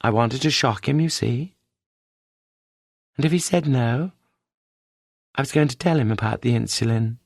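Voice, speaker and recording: A woman's voice: sits low, expressive, fairly quick, no echo, clean studio sound, voice pushed up. A man voicing a composed, sly middle-aged widow with a British accent in an audiobook. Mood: dreamy. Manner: pleading, then dreamy sing-song.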